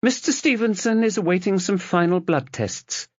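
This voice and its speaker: A man voicing a brisk, formal female hospital nurse, in a dull lo-fi recording. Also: high-pitched, animated, dry recording, pitched above the performer's own voice.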